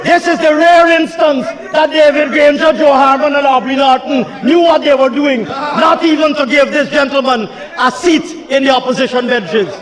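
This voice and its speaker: Guyanese minister going at a heckler, taunting and repeating himself, high voice, big chamber reverb. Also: male voice, fairly even intonation, normal speed, few pauses, fairly bright tone. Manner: combative, taunting, repetitive. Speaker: government minister in parliament. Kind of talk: heated parliamentary speech. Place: parliament chamber. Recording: long chamber reverb, faint murmuring crowd.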